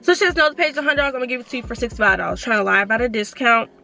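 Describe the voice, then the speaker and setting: High, bright-voiced young woman telling a story. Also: gravelly, faint music behind. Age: 20s. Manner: animated, reads messages aloud, talks fast. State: sore throat. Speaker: vlogger. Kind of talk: casual storytime.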